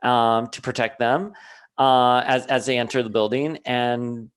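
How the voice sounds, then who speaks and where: A man co-hosting a podcast in casual chat, playful and animated, swearing now and then. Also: mid-range voice, measured pace, clear, resonant tone. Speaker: podcast co-host.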